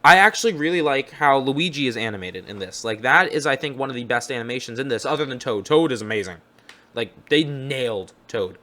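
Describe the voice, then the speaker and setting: Young male host, mid-pitched, casual and upbeat reaction chatter, self-correcting. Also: animated, brisk, bright, forceful tone.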